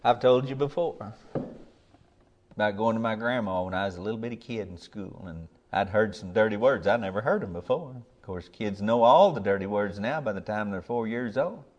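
A man's voice: on the low side, normal speed, darkish tone, lo-fi sound. An older man, a preacher giving a sermon in a folksy, plainspoken way, earnest and building to emphatic peaks.

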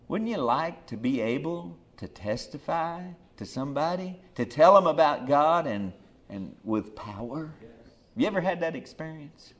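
Male preacher, folksy sermon, drops to quiet asides then builds to loud emphatic peaks, mid-pitched. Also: very animated, a little slow.

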